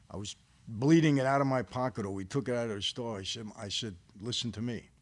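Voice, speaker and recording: A man's voice: mid-range voice, fast, darkish tone. A middle-aged man, co-hosting a podcast and telling stories in a plain-spoken way, quoting his own past conversations. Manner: plain-spoken, tells stories with quoted dialogue. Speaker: podcast co-host, former mobster telling stories. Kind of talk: casual storytelling chat.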